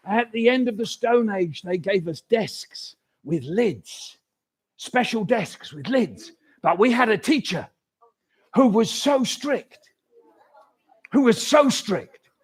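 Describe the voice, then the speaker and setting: A man's voice: high voice, slightly rough. An older man telling comic stories to a hall of children and getting them to join in. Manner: animated, leads audience call-and-response. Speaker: children's author performing. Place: hall at live awards event.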